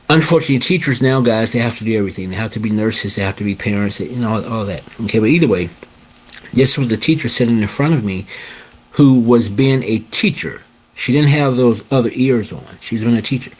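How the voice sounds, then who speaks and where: Husky older man telling a story. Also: medium pitch, a little fast. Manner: animated, keeps asking "okay?" and addressing "guys". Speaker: host. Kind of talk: casual storytelling to camera.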